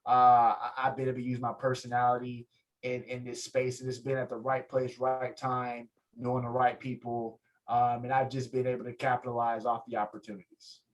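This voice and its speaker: A man, a guest on an interview show, telling a story with lively energy and acting out what others said. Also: brisk, muffled recording. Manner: lively, acts out quotes, swings pitch up in excitement. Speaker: guest, photographer and fighter. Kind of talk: animated storytelling in casual interview.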